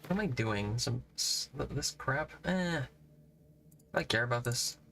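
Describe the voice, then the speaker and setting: A man's voice: medium pitch, lively intonation, a little slow, a bit bright, a little hiss or hum. A man casually commenting as he plays a video game, musing aloud in an offhand, rambling way. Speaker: gamer playing through a video game. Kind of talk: casual let's-play commentary.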